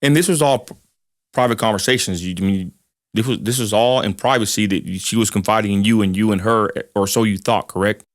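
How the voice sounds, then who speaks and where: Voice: medium pitch, a little fast, no echo, studio quality. An interviewer who asks brief prompting questions and guides the story.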